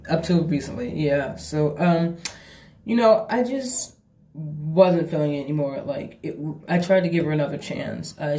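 A woman's voice: sits low, mellow. A woman in her thirties telling a long, rambling story in a casual vlog, cursing often and poking fun at herself. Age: 30s. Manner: rambling, profane, self-mocking. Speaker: vlogger. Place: room at home with her cat. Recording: roomy, echoey room.

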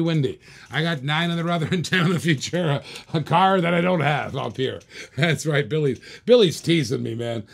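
A man's voice: a little high, gravelly. Chatty live-stream auctioneer man. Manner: chatty auctioneer patter, jokes with chat. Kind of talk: live-stream diecast car auction patter.

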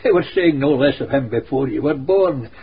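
A man's voice: medium pitch, expressive, moderate pace, slight background noise, lightly acted. An actor playing an old storyteller who tells his tale at a leisurely pace. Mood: soothing. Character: old Scottish storyteller, Mr Bell. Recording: muffled old radio recording.

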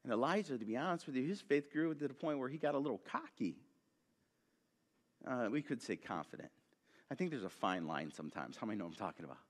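A man giving a sermon as a guest pastor, telling the story with lots of energy, jumping from loud bursts to quiet asides and joking with the congregation. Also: mid-range voice, fast talker, long reverb tail. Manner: animated storytelling, swinging between loud bursts and hushed asides; jokey, talks straight to the congregation.

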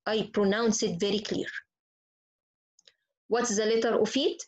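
A woman teaching Quran recitation, slowly and patiently repeating each example word. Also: medium pitch, fairly even intonation, poor audio. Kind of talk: slow tajweed lesson with spoken examples.

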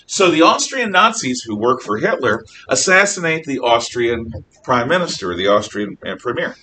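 A man teaching a history class, lecturing in a lively way and acting out quotes, recorded from far off in a classroom with some hiss. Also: mid-range voice, normal speed. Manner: animated, acts out quotes.

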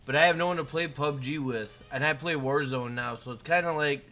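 Hyped young streamer guy, bright voice. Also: on the high side, a little fast, faint music behind. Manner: hyped, shouts out chat names. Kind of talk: casual live-stream chat.

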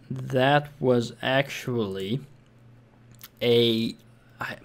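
A man's voice: mid-range voice, steady tone, unhurried. A young man casually commenting over his own tank game replay, thinking aloud with fillers and restarts. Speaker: gameplay commentator.

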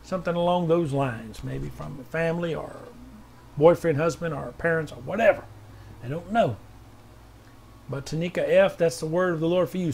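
A man reading out prophetic words to named listeners, repeating each one slowly and loudly, then explaining it in quiet, halting asides. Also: on the high side, gravelly, slightly rough. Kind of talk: informal prophetic reading with commentary.

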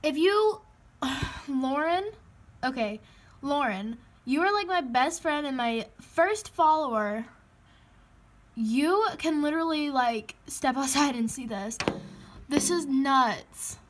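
A frightened teenage girl vlogging casually from home on a handheld phone, talking in a nervous, jittery way with breathy asides. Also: sits high, animated, takes it slowly. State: frightened and shaking. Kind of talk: casual vlog. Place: indoors at home by a window.

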